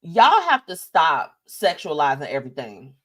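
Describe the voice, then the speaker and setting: A woman hosting a live show, chatting casually about celebrity news in an animated, sassy way and reading out viewer comments. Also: deep voice, moderate pace.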